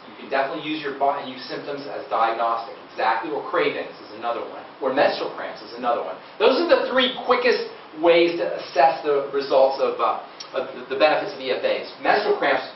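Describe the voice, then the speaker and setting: A man's voice: medium pitch, expressive, a little fast, a little hiss or hum. A man giving a live seminar talk to an audience, chatty and asking the listeners questions. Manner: conversational, quizzes the audience. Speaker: nutrition speaker. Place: lecture room with a live audience. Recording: dull, echoey room from far off.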